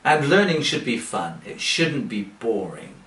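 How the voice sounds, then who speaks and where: Man, teacher, very slow deliberate delivery, distant mic, echoey room. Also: mid-range voice, very animated, fairly bright tone. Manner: slow, deliberate, with rhetorical questions. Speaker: English teacher. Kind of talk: direct-to-camera sales pitch. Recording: roomy, from away from the mic.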